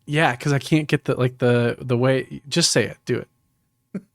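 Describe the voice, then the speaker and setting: A man with a gravelly voice co-hosting a podcast, joking and stumbling over his words in casual movie chat. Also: mid-range voice, steady tone, normal speed, dry recording, studio quality. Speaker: podcast co-host.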